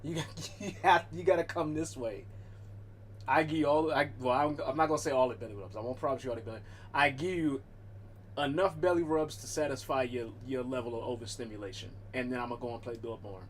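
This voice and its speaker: A man on a casual stream with a slightly high voice, rambling and swearing his way through a one-sided chat with his cat. He keeps cutting himself off mid-sentence to start over. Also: a little hiss or hum. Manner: frequent self-interruptions and restarts. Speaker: livestreamer.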